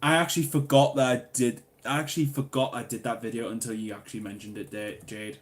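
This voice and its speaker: A man's voice: mid-range voice, fast talker. A young man from Newcastle with a Geordie accent, hosting a casual livestream Q&A, reading out chat and joking. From Newcastle upon Tyne, England. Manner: chatty, jokey, reads chat aloud, bursts into loud excited exclamations. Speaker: YouTuber answering livestream questions.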